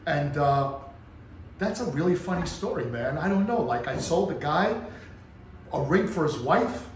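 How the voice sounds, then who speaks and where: A man's voice: sits high, slight background noise. A man hosting a storytelling vlog as a jeweler, telling an anecdote and acting out what people said. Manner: animated storyteller, acts out quotes. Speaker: jeweler and channel host. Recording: echoey room with faint ambience.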